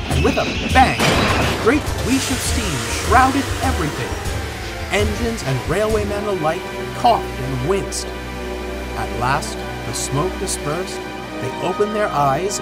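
A man giving expressive storybook narration over background music. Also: medium pitch. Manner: expressive, animated reading. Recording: music playing underneath.

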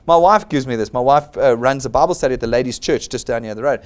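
A man's voice: mid-range voice, fast talker, darkish tone. A man with a South African accent giving a blunt, persuasive motivational sales seminar, acting out the people he quotes. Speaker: seminar presenter.

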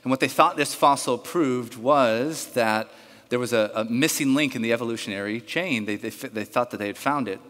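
A male pastor preaching a sermon, telling a story in an animated way and acting out the voices of its characters. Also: mid-range voice, moderate pace. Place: church sanctuary. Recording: reverberant church hall.

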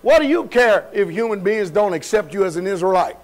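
A pastor with a high voice preaches to his congregation in a church. He talks in a loose, colloquial way and keeps putting questions to the room. He moves between loud and quiet as he preaches. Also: animated, fairly quick, low-quality recording. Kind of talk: sermon. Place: church sanctuary.

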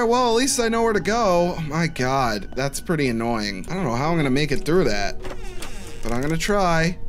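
A young man giving chatty, jumpy commentary to himself while playing a horror game. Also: fairly high pitch. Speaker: gameplay commentator. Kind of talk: let's play commentary. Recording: faint music behind the voice.

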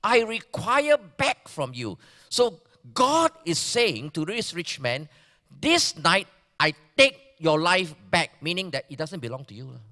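A pastor with a Malaysian English accent preaching a sermon, swinging between emphatic bursts and hushed near-whispers. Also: male voice, fairly high pitch, very animated, slow. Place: large church hall. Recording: church hall reverb.

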